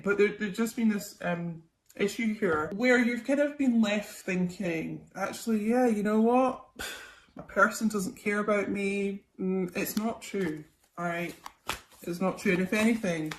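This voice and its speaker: A young woman, a tarot reader, chatting casually through a psychic reading with lots of ums and okays. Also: fairly low pitch. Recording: echoey room, faint noise.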